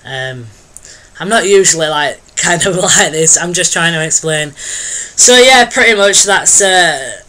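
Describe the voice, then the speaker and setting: A man's voice: fairly high pitch, expressive, unhurried, pushed and bright. A young man giving a casual video diary update, rambling and hesitant with lots of ums and restarts. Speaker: vlogger.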